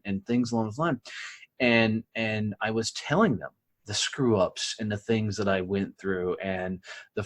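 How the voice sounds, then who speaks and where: Husky-voiced blunt storytelling man. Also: low voice. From rural United States. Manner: blunt, profane, keeps asking "right?". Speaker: podcast guest. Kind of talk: casual storytelling.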